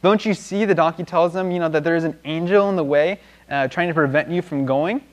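A man's voice: on the high side, fairly quick. Man casually teaching a Bible lesson. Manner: rambling and conversational, many restarts and fillers.

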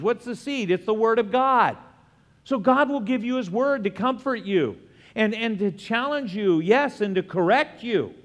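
A middle-aged male pastor preaching a conversational sermon with friendly asides and the occasional chuckle. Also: high-pitched. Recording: long church hall reverb.

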